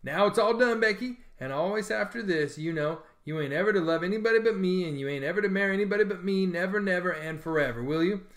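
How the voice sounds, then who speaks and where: A man's voice: high-pitched, quick pace, hardly any pauses, a bit bright, voice pushed up. A man voicing an eager, boastful young schoolboy in a storybook reading, wheedling and keen.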